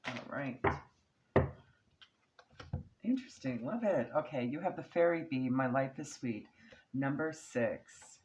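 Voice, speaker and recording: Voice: medium pitch, expressive, unhurried, pauses often, background noise. A tarot card reader giving a casual channeled reading, reassuring and chatty, who often checks in with "okay?" and "right?". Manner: chatty, laughs now and then.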